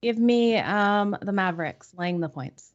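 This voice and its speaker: A woman's voice: medium pitch, unhurried, muffled recording. A woman on a sports betting panel, listing her picks in a brief, offhand way. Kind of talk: casual chat.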